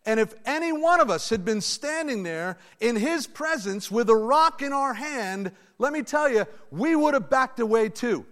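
A man preaching a sermon to his church, in a lively, conversational way with asides to the congregation. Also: very high voice, moderate pace, hardly any pauses. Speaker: pastor. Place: church sanctuary. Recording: long reverb of a large hall.

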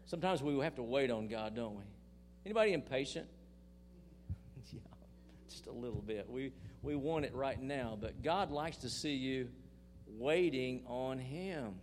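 A man's voice: medium pitch, measured pace, a little hiss or hum. Older man preaching a folksy sermon. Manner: folksy, emphatic preaching with scripture reading and asides to the congregation. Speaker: pastor.

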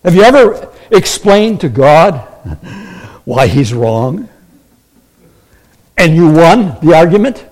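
A man's voice: a little high, big pitch swings, takes it slowly, pauses often, darkish tone. A man preaching a sermon as pastor, acting out quoted voices and asking the congregation questions.

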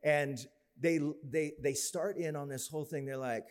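A man's voice: fairly high pitch, steady tone, normal speed, few pauses, clean tone. A middle-aged man telling a story in a sermon, acting out the voices in his story. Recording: long hall reverb.

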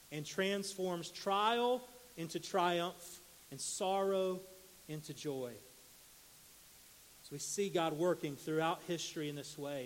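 Guy preaching a sermon, kinda high voice, church echo rolling off the walls. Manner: animated reading of scripture, rises in pitch and volume for quoted cries.

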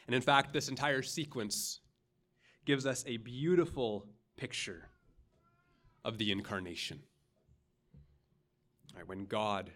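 A man preaching a sermon as pastor, earnest and dramatic, pausing often and checking in with the congregation with a quick "right?". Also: mid-range voice, fairly bright tone. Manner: earnest, dramatic, with pauses and rising emphasis; frequent "right?" asides to the congregation.

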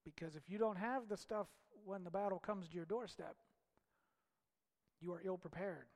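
Male preacher, high voice, impassioned delivery in a reverberant hall. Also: normal speed. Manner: impassioned, swings from loud shouts to hushed low lines. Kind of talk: sermon.

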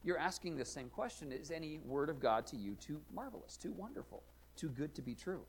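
A man preaching a sermon, earnest and questioning, rising and falling in loudness to stress his points. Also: on the high side, animated, a little fast, a little hiss or hum. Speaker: pastor.

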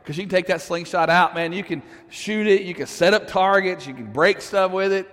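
A high-voiced man preaches to his congregation, his words ringing out with the long reverb of a church hall. He tells his story casually at a moderate pace, with a slightly bright tone, asking the room questions and chuckling as he goes in this sermon storytelling.

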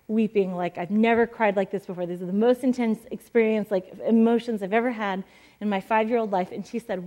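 A pastor in her forties preaches from a church stage, telling stories in a chatty manner packed with fillers and laughs. Her voice is medium in pitch with a dark tone.

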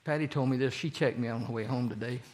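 Man teaching a lively Bible study. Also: mid-range voice, fast. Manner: quizzes the group with fill-in-the-blank questions; speeds up when excited. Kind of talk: Bible study lesson, casual and interactive.

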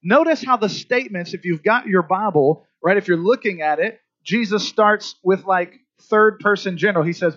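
A male pastor delivers a sermon in a chatty, conversational manner, prompting the congregation to fill in words. His voice sits fairly high. The sound is dry and a bit muffled. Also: moderate pace, hardly any pauses, a bit bright, dry recording.

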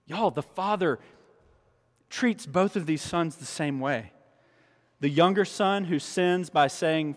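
A man preaching a sermon as pastor, animated and emphatic, often restarting his phrases. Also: on the high side, measured pace. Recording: long reverb of a large hall.

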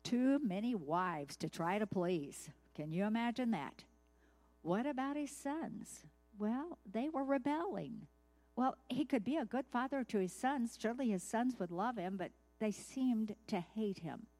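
A woman's voice: a little high, expressive, a little slow, a little mellow. Conversational woman giving a sermon. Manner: conversational, asks the listeners questions. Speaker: Bible teacher. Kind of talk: devotional sermon.

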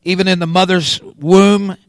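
A man preaching a sermon at a slow, deliberate pace, his fairly high voice rising and growing louder when he leans on key words. The sound is close and dry, with no room echo. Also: level tone. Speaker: pastor.

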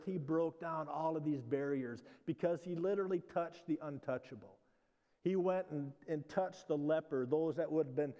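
Conversational pastor preaching in a reverberant hall. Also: male voice, fairly high pitch, dark tone. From Midwestern United States. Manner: conversational, with frequent restarts and "you know". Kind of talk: sermon.

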